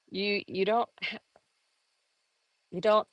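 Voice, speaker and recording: A lower-pitched woman talks her way through a live painting lesson in a chatty, upbeat manner, breaking into laughs and sudden high exclamations. Her voice sits close and dry, with no room sound around it. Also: a little slow, no echo, rough recording. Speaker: art teacher.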